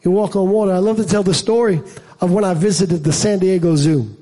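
Emphatic high-voiced male preacher. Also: a little fast. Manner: emphatic preaching that swings from low asides to loud high-pitched peaks; storytelling with humor and call-and-response asides. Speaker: pastor. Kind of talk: sermon.

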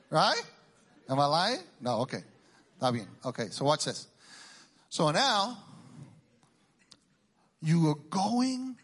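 A middle-aged man from Puerto Rico doing a stand-up routine, teasing the crowd with quick questions and Spanish exclamations. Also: fairly high pitch, a bit bright, breathy edge. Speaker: stand-up comedian.

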